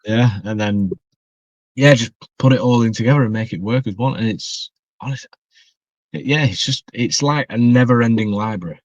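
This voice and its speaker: A man's voice: medium pitch, moderate pace, dry recording. A young man, chatting as a podcast guest in a rambling way full of restarts and fillers. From northwest England. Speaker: guest wrestler. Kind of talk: casual podcast chat. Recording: dry, dull muffled recording.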